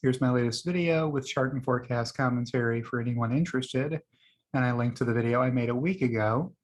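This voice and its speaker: A man's voice: mid-range voice, brisk. A man hosting his own video, casually talking through tweets he liked, rambling with many fillers and laughing at his own jokes. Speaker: video host.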